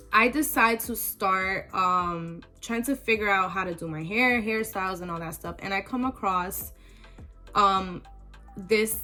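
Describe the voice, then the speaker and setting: A woman's voice: medium pitch, sharp tone. A young woman vlogger telling a personal story in casual, emotional talk with many fillers.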